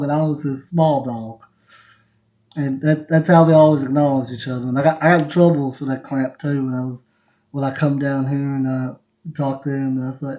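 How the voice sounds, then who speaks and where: A man's voice: fairly high pitch, warm tone. A man, hosting a podcast on a livestream and telling family stories in a rambling, laughing way that repeats itself. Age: 20s. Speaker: podcast host. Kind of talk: casual storytelling on a livestream. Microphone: phone livestream. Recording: roomy, dull lo-fi livestream sound.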